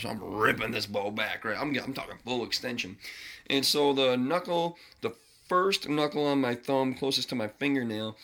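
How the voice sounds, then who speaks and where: A middle-aged man talking casually to his viewers, animated and swearing freely, repeating phrases for emphasis. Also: mid-range voice, vocal fry. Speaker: vlogger sharing his recovery journey. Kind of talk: casual talk to camera.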